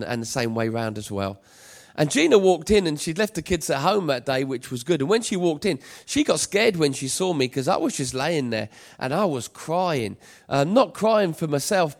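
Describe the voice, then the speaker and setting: With a voice a little on the high side, a pastor recounts a personal story in his sermon, driving it home through emphatic repetition that swells into passionate appeals to the congregation.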